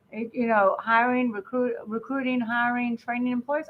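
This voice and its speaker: A woman hosting a podcast interview, lively and quick to laugh in casual chat. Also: on the high side, highs cut off, a little hiss or hum. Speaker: podcast host.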